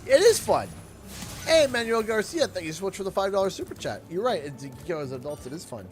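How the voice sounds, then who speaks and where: A man's voice: high voice, very animated, fast, soft background music. A man with a Canadian accent, chatting casually while streaming a game, telling rambling stories with frequent laughter and restarts. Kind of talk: casual chat while gaming.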